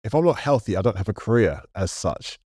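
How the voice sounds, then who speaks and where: A man talks in a reflective, conversational way and speeds up when he drives home a point. His voice is on the low side. The sound is dry, with no room echo. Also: very animated, a little fast, warm tone. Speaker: podcast co-host. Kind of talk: casual chat.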